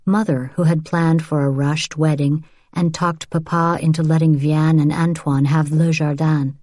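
A woman in measured, unhurried scripted audiobook narration. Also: deep voice, flat delivery, mellow, no room sound, studio quality.

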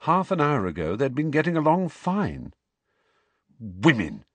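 A man narrating a novel aloud with expressive storytelling. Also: a little high, moderate pace, no room sound. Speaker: audiobook narrator. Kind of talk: scripted narration.

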